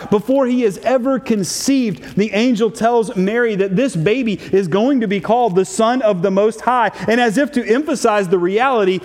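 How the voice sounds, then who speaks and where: A man preaching a sermon, reading scripture in a measured, solemn way and stressing key phrases. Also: high-pitched, a little mellow. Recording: long hall reverb.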